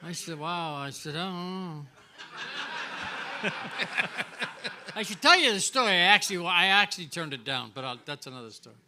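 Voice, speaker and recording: A man's voice: a little high, normal speed, pauses often, crowd noise. An older man from Canada, a former hockey player, telling rambling anecdotes as a guest and acting out the dialogue. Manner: rambling, animated, acts out dialogue. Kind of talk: casual anecdotal storytelling. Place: restaurant, live show.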